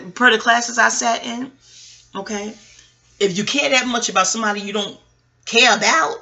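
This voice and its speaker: A woman's voice: on the high side, sharp tone. A woman podcast host and astrologer talking in a rambling, digressive chat, swearing freely. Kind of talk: casual chat.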